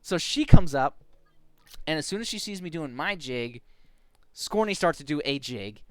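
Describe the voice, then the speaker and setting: A streamer telling a funny story from a game in an animated style, often laughing and acting out quotes. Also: medium pitch, normal speed, dry recording. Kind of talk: casual storytelling on a live stream.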